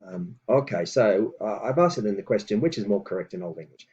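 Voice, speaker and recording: A man with a deep, slightly husky voice teaches a lesson, pronouncing each old phrase slowly and deliberately. He talks through his explanations with hesitant fillers. The recording sounds dull and lo-fi, like a home setup. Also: animated, a little mellow. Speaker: language teacher. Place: room with books on a table.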